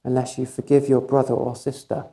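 A man's voice: medium pitch, monotone, fairly quick, warm tone. A man preaching a sermon, telling a story vividly and emphatically, often repeating phrases for effect.

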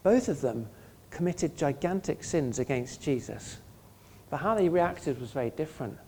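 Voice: mid-range voice, lively intonation, normal speed, mellow, slight background noise. A pastor preaching a sermon in an earnest, conversational way, often asking the listeners questions.

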